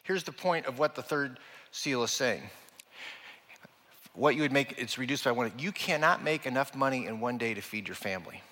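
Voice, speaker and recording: A man's voice: medium pitch, expressive, normal speed, pushed and bright, long reverb tail. A man preaching a sermon from the pulpit, reading scripture and pressing the congregation with emphatic rhetorical questions. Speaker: pastor.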